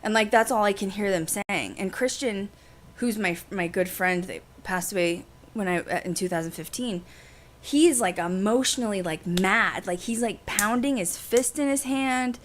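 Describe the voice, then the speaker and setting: A young adult woman who hosts a podcast, telling a personal story to her livestream audience in a casual, animated way with lots of "like". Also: medium pitch, slight background noise. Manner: animated, fast, heavy use of "like". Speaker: podcast host.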